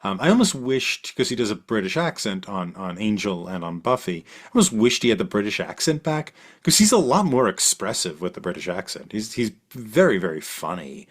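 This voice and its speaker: Lively low-voiced male podcast host. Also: a little fast, hardly any pauses. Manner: animated, thinks aloud with restarts, then reads promos. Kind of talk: casual film discussion and show outro.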